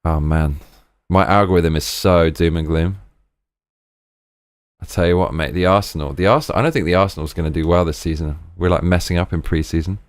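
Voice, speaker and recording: A British man hosting a live stream in casual, rambling chat, often breaking into excited exclamations. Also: low-pitched, brisk, dry recording.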